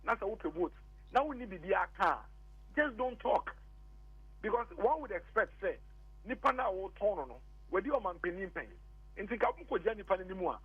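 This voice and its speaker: A man's voice: high voice, lively intonation, fairly quick, slightly rough, no echo. A Ghanaian man arguing politics as a radio guest, insistent and repetitive, switching between English and Twi. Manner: insistent, repeats points, mixes English and Twi. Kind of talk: heated political argument on a phone-in. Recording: tinny phone line, dry.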